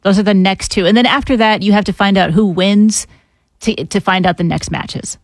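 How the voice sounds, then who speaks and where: A woman's voice: mid-range voice, moderate pace, no room sound. A woman co-hosting a radio show, chatting casually and laughing easily. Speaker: radio co-host.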